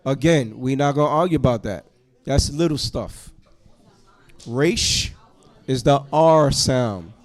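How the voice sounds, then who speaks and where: A man teaching a Hebrew class to students in a classroom, going through the alphabet letter by letter in a slow, patient way. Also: medium pitch.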